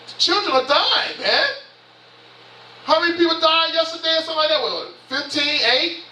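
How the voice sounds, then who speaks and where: A man's voice: very high voice, expressive, normal speed, bright, forceful tone. A man in his fifties with a Southern US accent, preaching a sermon as bishop with impassioned rhetorical questions. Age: 50s. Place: church sanctuary. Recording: echoey church from far off.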